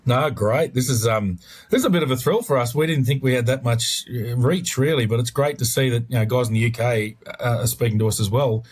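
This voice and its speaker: A man's voice: mid-range voice, fairly quick, breathy edge. A man co-hosting an interview podcast, chatting in a rambling, enthusiastic way with lots of restarts. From Australia. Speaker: podcast co-host. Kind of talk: casual interview chat.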